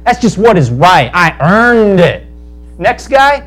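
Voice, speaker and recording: A man preaching a sermon, telling a parable in animated storytelling style and acting out the characters in quick asides. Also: high voice. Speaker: pastor.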